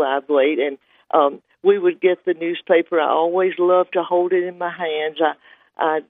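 Older caller over a tinny phone line. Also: male voice, on the high side, dry recording. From Georgia. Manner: gentle, reminiscing, hesitant.

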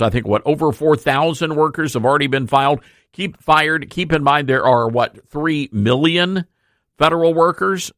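A man's voice: mid-range voice, fairly bright tone, no room sound, clean studio sound. A man hosting a political commentary show, speaking in a folksy, opinionated, conversational way. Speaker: host.

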